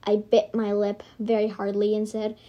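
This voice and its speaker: A woman's voice: medium pitch, completely flat delivery, normal speed, dull audio. A woman reading her homemade storybook aloud, rambling into self-correcting asides.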